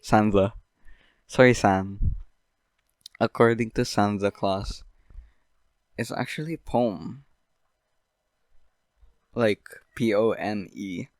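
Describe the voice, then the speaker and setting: A young man hosting a podcast, rambling through an absurd deadpan comedic monologue full of fillers. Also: lowish voice, slow, long pauses, no echo. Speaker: podcast host.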